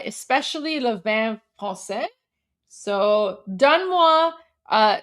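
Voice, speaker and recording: A woman hosting a reaction stream, eating while she mockingly comments on a clip and switches between English and halting French. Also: a little high. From Canada. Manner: mocking, scornful and animated. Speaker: host.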